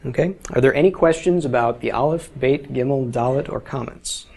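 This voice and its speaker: A man's voice: medium pitch, fairly quick, vocal fry, a little mellow. A man teaching a beginners' language class, explaining step by step and often checking with "okay?". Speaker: Hebrew teacher. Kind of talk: informal classroom lecture.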